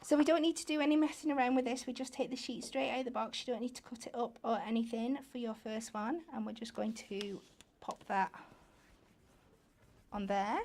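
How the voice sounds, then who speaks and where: A woman's voice: fairly high pitch, steady tone, brisk, a little mellow, a little hiss or hum. A woman demonstrating a card-making craft step by step in a chatty way. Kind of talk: hands-on crafting demo. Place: TV craft studio.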